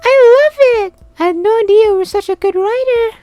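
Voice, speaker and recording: A woman's voice: very high voice, fast talker, no room sound, faint music behind. A woman voicing a cheerful, bubbly, airheaded teenage girl in a visual novel, gushing and giggly. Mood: excited. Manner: gushing, giggly, easily excited.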